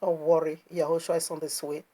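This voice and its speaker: A woman's voice: deep voice, level tone, fairly quick, dark tone. A woman preaching, emphatic and scornful, asking rhetorical questions as she critiques a video. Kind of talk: sermon commentary on a video.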